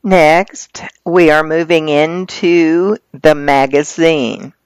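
Slow, steady magazine reader. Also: medium pitch, smooth, dry recording. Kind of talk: reading magazine articles aloud.

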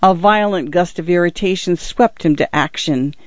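A man reads a story in a measured, steady way. His voice sits a little high. The recording is dry and slightly dull. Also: dry recording. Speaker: narrator. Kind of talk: scripted audiobook narration. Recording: dry, somewhat muffled recording.

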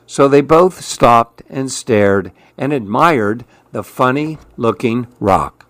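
A man reading a children's story aloud, slow and measured. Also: medium pitch, expressive, a bit bright, dry recording.

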